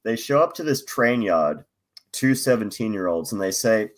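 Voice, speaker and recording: A man's voice: on the low side, lively intonation, normal speed. An Australian man chatting on a podcast, telling anecdotes in a wry, dry way. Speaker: podcast guest. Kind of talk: casual chat.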